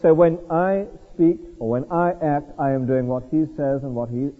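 A man preaching an expository sermon to a congregation, animated and full of rhetorical questions to the listeners. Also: fairly high pitch, moderate pace. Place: large hall before a congregation. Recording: echoey hall on a tinny lo-fi line.

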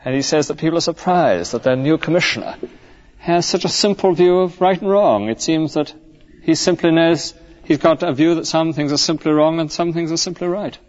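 A man's voice: a little high, moderate pace, lo-fi sound. A male clergyman giving an earnest, conversational sermon full of rhetorical questions.

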